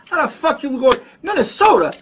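A man's voice: very high voice, sing-song, a little fast, dull audio, background noise, voice pushed up. A man doing a brash, profane Chicago neighborhood guy. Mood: griping. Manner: rough and loud, swearing freely.

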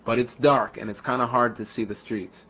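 A man's voice: medium pitch, steady tone, moderate pace, fairly bright tone, highs cut off. A man from New York City with a New York accent, telling casual, rambling stories about where he grew up. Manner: chatty, rambling, anecdotal. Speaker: daycare worker. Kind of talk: casual personal storytelling.

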